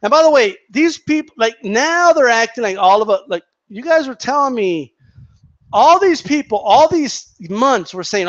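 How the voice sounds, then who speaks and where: A man with a high voice rants to his viewers, heated and mocking, swearing freely and hammering his points through repetition. The sound is dull and lo-fi. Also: animated, normal speed, a bit bright, dry recording. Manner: heated, profane, mocking, repeats himself. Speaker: boxing commentator vlogger. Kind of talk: casual rant to viewers.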